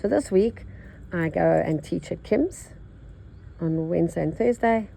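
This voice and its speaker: Low, gravelly older Australian woman. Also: lively intonation, measured pace, dark tone, rough recording. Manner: rambling, chatty, thinks aloud. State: nasal. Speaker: embroidery teacher. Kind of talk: casual chat while stitching.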